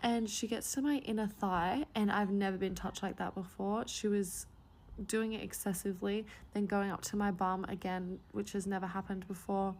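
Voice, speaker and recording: A woman telling a personal story in a chatty, animated way, full of "like" fillers. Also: medium pitch, normal speed. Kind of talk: storytime vlog.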